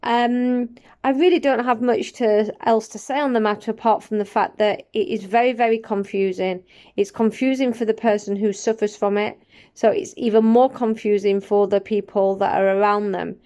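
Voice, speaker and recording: A woman in her forties speaks in a relaxed, personal vlog style. Her voice is smooth and clear at a mid pitch. She often pauses, restarts and searches for words. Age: 40s. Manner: reflective, with frequent restarts and hesitations. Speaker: vlogger.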